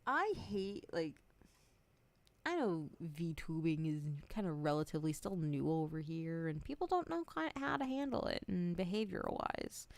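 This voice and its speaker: A young woman streamer talks candidly and swears freely, laughing as she acts out both sides of old conversations. Her voice is smooth and resonant. It sounds close and dry, with no room around it. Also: medium pitch, no echo. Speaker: VTuber streamer. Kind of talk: casual chat stream.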